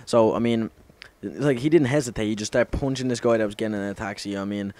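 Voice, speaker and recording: Over gameplay, a young man casually tells a meandering story, swearing plenty and fixing his own words as he goes. He speaks quickly in a fairly low, darkish voice.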